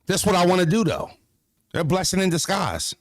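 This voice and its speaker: Animated streamer man, dry close mic. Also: high voice, normal speed, dry recording. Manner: animated, profane street slang, talks back to chat. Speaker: streamer reacting to chat. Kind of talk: casual livestream talk.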